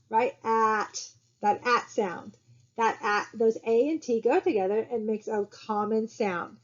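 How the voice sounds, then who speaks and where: A woman giving a recorded college lecture in a casual, conversational way, with frequent fillers and "right?" tag questions. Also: on the high side. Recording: dull lo-fi recording.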